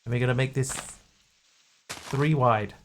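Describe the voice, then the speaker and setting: A man's voice: mid-range voice, steady tone, a little slow, slight background noise. A man streaming a video game live, rambling, telling jokes and talking to his chat. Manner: rambling, joking, talks to chat.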